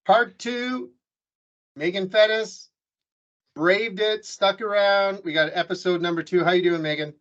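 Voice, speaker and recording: A Canadian man hosts a business podcast, telling stories loosely and jokily with many restarts in a casual interview chat. His voice sits high with a steady tone, a little slow and fairly bright, on a lo-fi recording.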